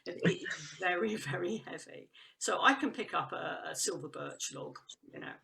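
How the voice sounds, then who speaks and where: A woman's voice: lowish voice, animated, moderate pace, gravelly, bright, forceful tone. A woman talking as a guest about trees and woodland work, enthusiastic and rambling, with frequent restarts and laughs. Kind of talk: casual conversational chat.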